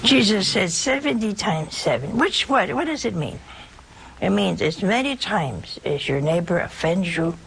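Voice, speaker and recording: A woman's voice: medium pitch, animated, unhurried, vocal fry, a little hiss or hum. A woman preaching a sermon in a folksy, humorous way, speaking directly to her listeners. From Italian family background.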